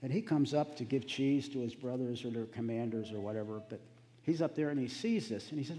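A man giving a sermon in a relaxed, conversational storytelling manner. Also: mid-range voice, fairly quick, big-room sound. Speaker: preacher.

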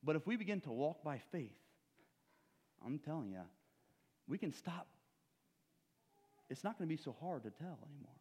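A man preaching a sermon, swinging from loud urging to hushed low asides, with rhetorical questions and acted-out stories. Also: big pitch swings, moderate pace, pauses often, slightly rough, in a large hall.

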